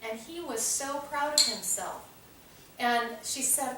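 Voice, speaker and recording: A woman's voice: sits high, takes it slowly. A woman leading a small parenting group who tells anecdotes and acts out the voices in them. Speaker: parenting class leader. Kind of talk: teaching a small group, storytelling. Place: meeting room with a small group. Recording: roomy, distant, noisy room recording.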